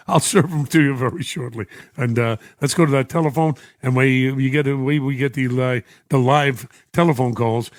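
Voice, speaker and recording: A man's voice: medium pitch, dry recording, studio quality. An older man with a New York accent, hosting a radio show and reading listener messages, emotional and chuckling often. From United States. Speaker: radio host. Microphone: studio microphone.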